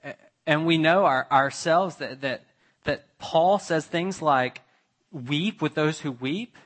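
A man preaching a sermon to his church, slow and deliberate, building to emphatic, raised passages and dropping to quiet ones. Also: a little high. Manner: slow, with long pauses, rising to emphatic peaks. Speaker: pastor.

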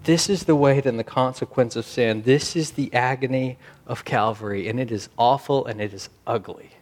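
Male pastor, mid-pitched, earnest sermon delivery, slows and swells for emphasis. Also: darkish tone.

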